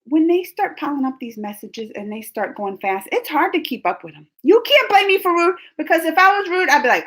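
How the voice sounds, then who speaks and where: A woman in her forties hosting a casual livestream, chatting with viewers in a rambling, animated way and laughing often. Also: high-pitched, brisk, few pauses. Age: 40s. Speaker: livestream host reading chat. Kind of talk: casual live chat.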